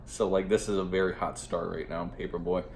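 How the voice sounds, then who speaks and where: A man's voice: low-pitched, level tone, a little fast, gravelly, darkish tone, roomy sound, a little hiss or hum. A man giving a casual spoken movie review, rambling and profane, with lots of filler words.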